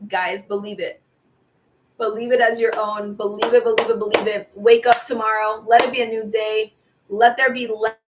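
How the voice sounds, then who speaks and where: A woman with a fairly high voice leads viewers through affirmations in a casual, repetitive spiritual pep talk. She chats warmly about meditation and keeps calling her listeners babies, her eyes watering as she speaks. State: watery eyes from air purifier. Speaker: tarot reader.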